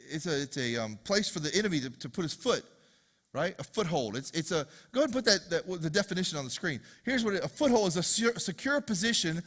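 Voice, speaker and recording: A man preaching a sermon as pastor to a congregation, swinging from loud, driving passages to hushed, repeated questions. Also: high-pitched. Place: church hall with congregation.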